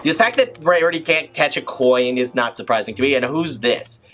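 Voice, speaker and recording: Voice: mid-range voice, normal speed, a bit bright, soft background music. A video host commentating casually on a film, chatty and rambling, with many restarts and asides.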